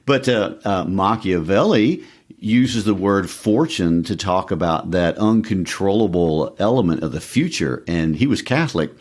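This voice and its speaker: Deep-voiced man discussing literature. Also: animated, a little mellow. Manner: conversational, many fillers, reads recipe lists slowly. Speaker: podcast co-host.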